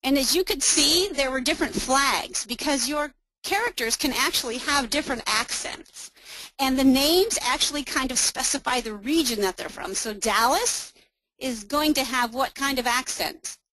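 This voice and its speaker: A woman presenting a webinar, walking listeners step by step through a software demo in an upbeat, explaining manner. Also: sits high, moderate pace, dry recording, poor audio.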